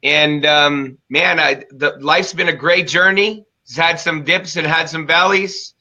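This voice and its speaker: A man hosting an interview, talking in an emphatic, fired-up and energetic way. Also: on the high side, unhurried. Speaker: show host. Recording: dull lo-fi sound.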